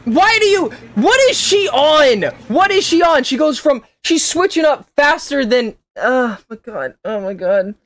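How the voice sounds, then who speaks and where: A reaction video host, loudly exclaiming and mocking the clips with blunt opinions. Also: female voice, high-pitched, expressive, slow, no room sound. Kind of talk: reaction commentary.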